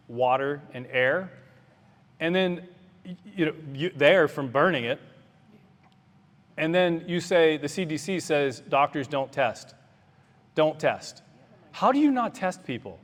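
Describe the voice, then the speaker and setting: A man who is a doctor running for office gives an earnest, plainspoken campaign speech to a crowd in a meeting hall, fiery at times. His voice is fairly high, with lively intonation and a moderate pace, and the hall adds a long reverb.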